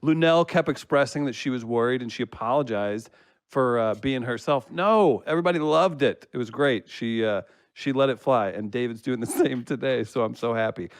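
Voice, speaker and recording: A man with a smooth, resonant voice reads listener comments on a comedy podcast. He teases the hosts and laughs easily between lines. The sound is close and dry, with no room around it. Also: medium pitch, normal speed, no echo. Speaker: producer reading listener comments. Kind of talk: casual podcast chat.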